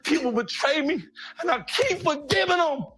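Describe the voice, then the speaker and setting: A man answering in an emotional television interview, pleading and at times shouting. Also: very high-pitched, expressive, normal speed.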